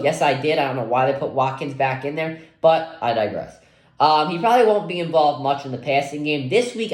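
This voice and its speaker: A young man giving a casual solo football preview, rambling with lots of fillers. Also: a little high. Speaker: sports vlogger previewing a game. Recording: echoey room.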